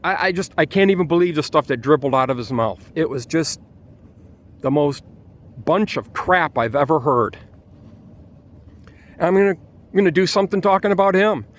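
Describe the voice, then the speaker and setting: A man's voice: fairly high pitch, expressive, normal speed, pauses often. Fed-up ranting man outdoors. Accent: Michigan. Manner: angry, exasperated ranting with restarts. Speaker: vlogger. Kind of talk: ranting vlog.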